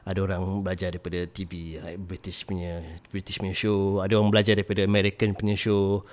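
Halting Malaysian man, low voice. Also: completely flat delivery. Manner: halting, repeats words while searching for phrasing. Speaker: co-host, language teacher. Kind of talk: casual podcast chat, switching between English and Malay.

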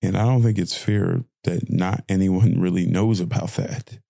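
A man's voice: low voice, fairly even intonation, moderate pace, creaky, warm tone, dry recording. A young man hosting a podcast, delivering an impassioned audio-diary rant with lots of repeated phrasing. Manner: impassioned ranting, repetitive phrasing. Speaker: podcast host.

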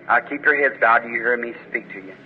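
Speaking fast in a mid-range voice, this preacher prays with fervor at a faith healing service and turns forcefully commanding when he rebukes. Slight background noise accompanies a muffled old recording from a hall full of reverb.

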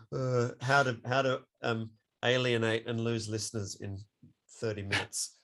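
A man's voice: medium pitch, level tone, slow, fairly bright tone. A man co-hosting a podcast in casual chat, swearing freely and laughing often. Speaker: podcast co-host.

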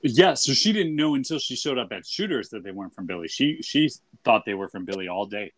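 A man's voice: medium pitch, expressive, fairly quick, fairly bright tone, no room sound. A man co-hosting a podcast, chatting casually with wry, dry humor and making his case. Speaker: podcast co-host. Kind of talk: casual chat.

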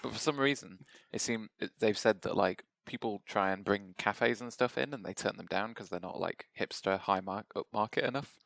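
Podcast co-host, gravelly voice, dry close sound, rambling, sweary. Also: male voice, fairly low pitch, moderate pace, hardly any pauses, a bit bright, dry recording. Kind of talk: casual chat.

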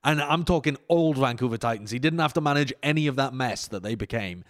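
A man's voice: medium pitch, a little fast. Opinionated male esports panelist. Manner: opinionated, animated slang. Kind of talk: casual esports analysis chat.

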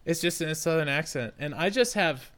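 A young man co-hosting a casual chat, animated and laughing, slipping into a mock Southern drawl. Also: on the high side, a little fast. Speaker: podcast co-host.

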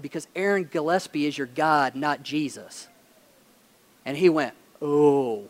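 A pastor preaching a conversational sermon, telling stories and pressing emphatic questions. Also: male voice, sits high.

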